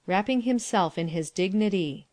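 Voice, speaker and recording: A woman's voice: medium pitch, animated, moderate pace, a little mellow, no echo. A woman reading stage directions aloud in a plain, matter-of-fact audiobook manner.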